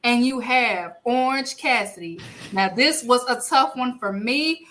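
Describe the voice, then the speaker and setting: A woman's voice: on the high side, expressive, measured pace, fairly bright tone. A young woman hosting a podcast, announcing award winners in playful, casual chat. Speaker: podcast host.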